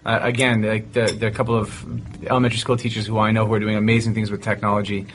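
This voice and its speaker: A man's voice: fairly low pitch, little pitch movement, fast talker, a little hiss or hum. A man who teaches, co-hosting a podcast with wry, casual talk. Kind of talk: casual chat.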